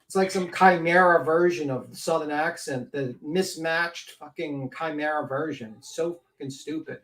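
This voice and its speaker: A man's voice: fairly high pitch, moderate pace, fairly bright tone. A man hosting a commentary show, ranting bluntly and scornfully with heavy swearing. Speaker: commentary channel host.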